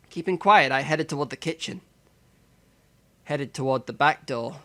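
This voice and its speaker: A man reads a visual novel's text aloud for his stream, giving the lines a dramatic delivery. His voice sits a little high and sounds bright and forceful. He keeps breaking off for joking, profane asides. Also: normal speed, pauses often.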